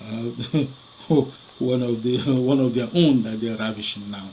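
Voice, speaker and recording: A man's voice: mid-range voice, unhurried, background noise. A man preaching an impassioned sermon, firing rhetorical questions and repeating and breaking off phrases.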